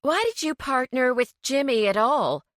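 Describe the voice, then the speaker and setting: A woman's voice: sits high, expressive, moderate pace, no echo, studio quality, pitched above the performer's own voice. Woman reading as a taunting captive woman. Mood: defiant. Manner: taunting, probing. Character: bold woman held captive, taunting her captor.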